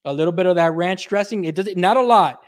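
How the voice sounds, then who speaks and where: A young man from the Miami area, a podcast guest telling stories in casual chat, animated and swearing freely as he acts out quotes. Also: high voice, fast, dry recording, studio quality.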